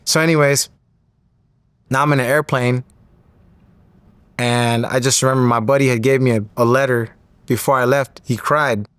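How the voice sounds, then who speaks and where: A man's voice: fairly even intonation, moderate pace, long pauses, fairly bright tone, clear, resonant tone, no room sound. A man in his thirties telling a story as an interview guest, acting out the other people's voices as he goes. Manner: acts out quoted voices with rising pitch. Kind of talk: animated storytelling.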